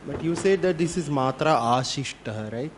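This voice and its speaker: A man's voice: on the high side, animated, moderate pace, a crowd in the background. A man with an Indian English accent asking a lecturer probing questions in an academic discussion. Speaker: workshop participant asking questions.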